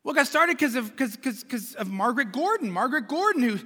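A man's voice: extremely high pitch, sing-song, fast, bright, forceful tone. A man preaching a sermon as pastor, talking in a conversational way with repeated words and questions to the congregation, in a large church. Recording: long church reverb.

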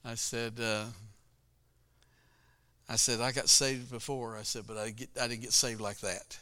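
A middle-aged man preaching a sermon through a personal story, his voice bright and crisp. He talks in a folksy, storytelling way and laughs often as he goes. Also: mid-range voice, level tone, unhurried. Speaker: pastor. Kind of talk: sermon testimony.

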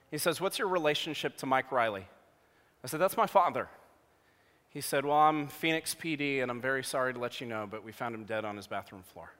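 A man in his thirties preaching a sermon, telling a personal story with jokey asides, going from hushed to loud. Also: mid-range voice. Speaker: pastor. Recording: long hall reverb.

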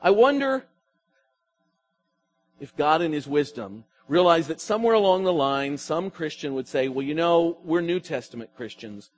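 Preaching man with a high voice. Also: lively intonation, moderate pace, faint music behind. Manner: preaching with swelling and falling emphasis, asking the congregation questions. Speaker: pastor. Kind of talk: sermon.

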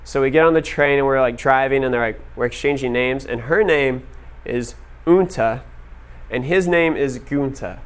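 A man's voice: medium pitch, moderate pace, smooth. Casual man preaching. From United States. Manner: conversational, heavy use of "like". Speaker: speaker teaching a group. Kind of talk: casual sermon storytelling.

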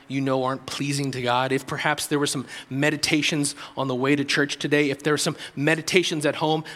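A man preaching a sermon to his congregation, earnest, dropping soft and low for quoted prayers and rising for exhortation. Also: big-room sound. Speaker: pastor. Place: church.

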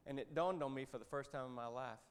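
A man's voice: mid-range voice, fast, slight background noise. A man in his fifties, a Christian businessman, telling a story in a church talk in a conversational, folksy way with joking asides.

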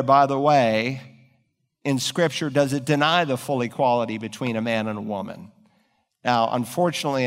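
A man's voice: mid-range voice, clean tone, big-room sound. A man preaching a sermon as pastor, building to emphatic raised peaks.

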